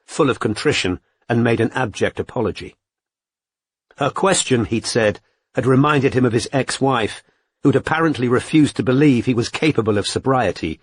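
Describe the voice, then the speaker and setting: Husky male narrator, dry close sound, even audiobook reading. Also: mid-range voice, no room sound. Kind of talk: scripted narration.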